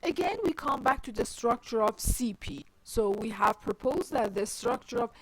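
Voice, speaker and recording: A woman teaching a grammar lecture, explaining deliberately and often rephrasing herself with "I mean". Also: a little high, expressive, gravelly, a little hiss or hum, low-quality recording.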